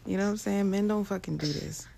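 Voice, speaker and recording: A woman's voice: medium pitch, quick pace, vocal fry, dark tone. A young woman, ranting bluntly and profanely to camera in a casual vlog. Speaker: vlogger.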